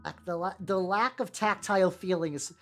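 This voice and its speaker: A woman's voice: lowish voice, moderate pace, soft background music. A woman streamer chatting casually while painting miniatures, rambling and swearing, with lots of fillers and restarts.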